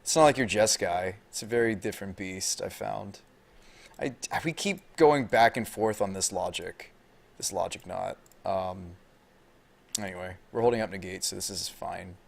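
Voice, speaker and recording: Deadpan man streaming a card game. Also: low-pitched, moderate pace, creaky. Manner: deadpan, little inflection; thinks aloud, chats with viewers. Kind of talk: live card game commentary.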